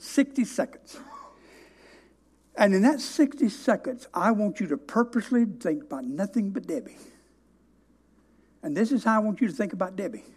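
A man preaching a sermon, telling a story with emphatic, drawn-out stresses. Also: high voice, a little mellow.

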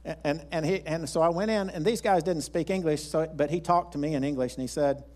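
A man's voice: fairly high pitch, brisk, darkish tone. A man pastor, preaching a sermon in a folksy, rambling storytelling way with frequent restarts.

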